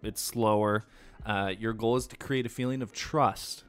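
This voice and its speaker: A man's voice: fairly low pitch, steady tone, moderate pace, clear, resonant tone, soft background music. A man co-hosting a casual podcast about sales and negotiation, talking in a conversational way. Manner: conversational, acts out sales lines. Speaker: podcast co-host.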